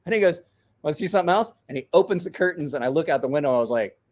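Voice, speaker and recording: A man in his forties hosts a podcast and tells a wild story in loose, casual chat. His voice sits a little high for a man and swings widely in pitch as he acts out the people he quotes. He laughs often and swears freely. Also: expressive, very fast, a little mellow. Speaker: podcast host.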